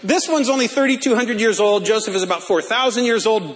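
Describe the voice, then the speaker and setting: High-voiced, animated male preacher. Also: a little fast, few pauses. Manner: animated, humorous storytelling. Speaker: pastor. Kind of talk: sermon.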